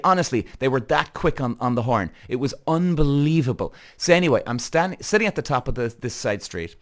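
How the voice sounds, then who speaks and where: Fired-up Irish man ranting. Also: fairly high pitch. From Ireland. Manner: heated, swears freely, addresses viewers directly. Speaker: podcast host. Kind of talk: animated storytelling rant.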